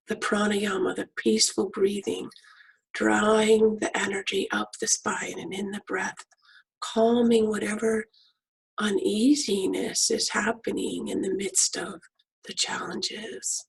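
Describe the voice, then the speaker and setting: A middle-aged woman guiding a prayer meditation in a soft, half-whispered voice. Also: medium pitch, fairly even intonation, slow, creaky, breathy edge, low-quality recording.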